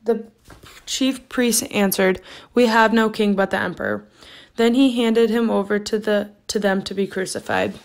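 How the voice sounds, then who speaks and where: Woman lector, soft steady scripture reading, mid-range voice. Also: mid-range voice, moderate pace, creaky. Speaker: scripture reader. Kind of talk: reading the Passion aloud in church.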